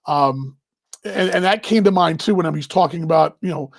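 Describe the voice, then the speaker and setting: A man with a high, dry voice hosts a casual baseball live stream. He rambles warmly, restarts his sentences and gets emotional. His voice sits right on a close microphone with no room sound. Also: normal speed, creaky, dry recording. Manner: rambling, emotional, talks while handling gear. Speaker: baseball broadcaster hosting a live show.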